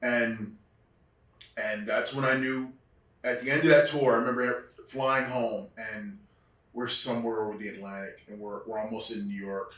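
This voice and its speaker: A man who used to wrestle, interviewed as a guest, telling animated stories about his career and acting out other people's voices. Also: medium pitch, normal speed. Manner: animated storyteller, acts out quoted voices. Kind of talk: casual storytelling interview. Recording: roomy sound from a distant mic.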